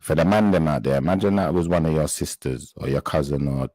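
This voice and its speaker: Very deep-voiced man hosting a live chat. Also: warm tone, dry recording, low-quality recording. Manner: indignant, halting, addressing viewers directly. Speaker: live stream host.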